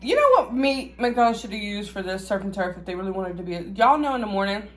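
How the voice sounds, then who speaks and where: Animated woman. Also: quick pace. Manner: dramatic, talks to viewers as y'all, swings from loud squeals to low mutters. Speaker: vlogger. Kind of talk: casual food-review vlog.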